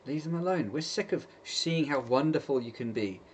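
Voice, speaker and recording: A man's voice: on the high side, animated, moderate pace, a little hiss or hum. Exasperated man ranting. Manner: exasperated, sarcastic, mocking quoted voices. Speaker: vlogger. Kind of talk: opinion rant to camera.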